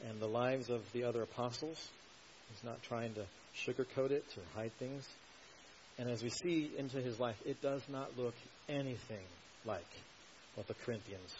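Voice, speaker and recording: A man's voice: medium pitch, a little mellow. Earnest male preacher, slightly muffled. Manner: earnest, explanatory, builds emphasis on key points. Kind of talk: expository sermon. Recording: slightly dull recording with faint hiss.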